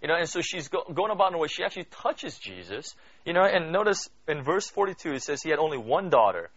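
Animated man teaching scripture, dull recording. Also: a little high, quick pace, dry recording. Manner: peppers speech with "you know" and "right?"; asks the listeners questions. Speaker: Bible teacher. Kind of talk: conversational Bible study sermon.

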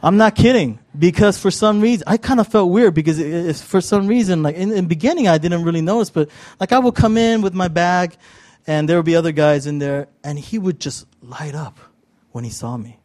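A middle-aged male pastor tells a sermon story in loose, chatty speech, full of "uh"s and "like"s. His voice sits a touch higher than most men's. He pokes fun at himself as he goes. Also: fairly quick, darkish tone. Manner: casual, self-deprecating storytelling with many fillers.

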